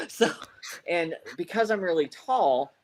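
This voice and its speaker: A man's voice: mid-range voice, fairly quick. A man on a podcast, telling a story in casual chat, rambling and swearing, with lots of "like" and "you know.". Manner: frequent fillers like "like" and "you know". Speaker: podcast co-host.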